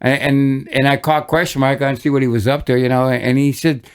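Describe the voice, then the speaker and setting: Older man with a gravelly voice. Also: medium pitch, fairly even intonation, brisk. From Michigan, USA. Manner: rambling anecdotes with many restarts and chuckles. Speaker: guest musician. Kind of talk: casual storytelling interview.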